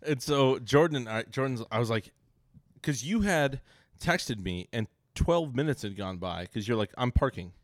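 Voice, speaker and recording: Man, podcast co-host, teasing, acts out quotes, mid pitch, dry sound. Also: animated, normal speed, dry recording. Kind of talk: casual banter.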